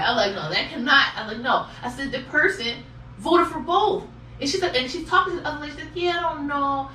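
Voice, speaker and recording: A woman poll challenger telling a story in an animated way and acting out what others said, recorded in an echoey room from a distance. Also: sits high, brisk, slight background noise. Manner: exasperated, acts out quoted voices.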